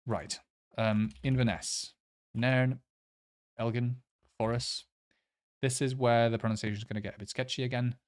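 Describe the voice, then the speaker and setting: A man's voice: mid-range voice, level tone, moderate pace, pauses often. A man giving casual commentary while playing a map quiz, hesitant, with many fillers and unsure pronunciations. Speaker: quiz player.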